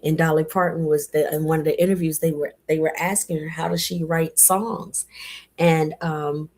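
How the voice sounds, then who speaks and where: A woman giving a casual spoken affirmation talk in a folksy, animated way, calling listeners baby and y'all. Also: low-pitched, normal speed. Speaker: motivational speaker.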